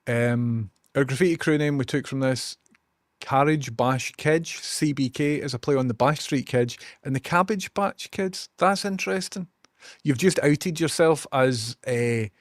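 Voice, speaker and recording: A man's voice: medium pitch, dry recording, studio quality. A Scottish man chatting casually on a live stream, swearing and ranting while he multitasks. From Scotland.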